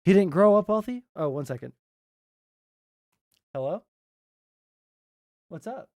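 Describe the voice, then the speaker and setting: A man's voice: sits high, sing-song, slow, darkish tone, no echo, clean studio sound. A man streaming casual reaction commentary, rambling and swearing as he trails off mid-thought.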